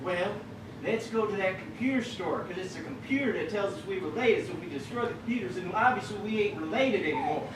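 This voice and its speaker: A woman's voice: medium pitch, animated, a little fast, close to an everyday voice. A woman doing a folksy hillbilly husband on an echoey stage. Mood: earnest. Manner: folksy drawling country talk, bossy. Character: bumbling rural hillbilly husband, middle-aged. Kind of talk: improv comedy scene. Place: theater stage with live audience. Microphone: stage mic from a distance. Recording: echoey stage from far off with audience noise.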